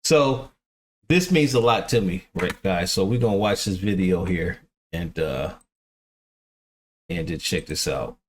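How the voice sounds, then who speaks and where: A man's voice: sits low, animated, a little slow, long pauses. Rambling slangy man telling a story. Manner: rambling, restarts often, slangy, laughs through his story. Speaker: reaction video host. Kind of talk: casual storytelling chat.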